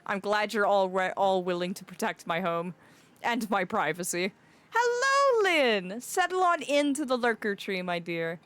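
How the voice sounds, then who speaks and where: A young woman performs a fae persona on her live stream, theatrical and tender toward viewers she calls "my dear." She speaks at a medium pitch and normal speed, animated, with a clean, slightly bright tone.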